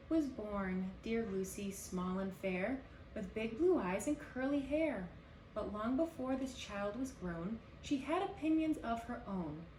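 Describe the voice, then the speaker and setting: A woman baker reading picture books aloud at a children's story hour, expressive and lively. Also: fairly high pitch, a little hiss or hum. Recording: roomy echo, distant mic, faint ambience.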